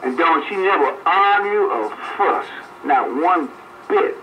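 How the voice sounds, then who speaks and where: A man's voice: high-pitched, expressive, takes it slowly, pushed and bright. An older man on a CB radio, chatting casually and reminiscing in a folksy way, laughing often. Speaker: CB radio operator. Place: on the air by CB radio. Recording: dull CB radio audio with faint hiss.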